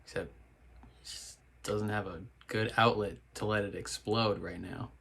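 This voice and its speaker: Slow-talking man reacting to a show. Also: on the low side, steady tone, vocal fry, fairly bright tone, slightly rough. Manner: exasperated, talks back at the screen. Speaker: reaction video host. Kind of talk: casual reaction commentary.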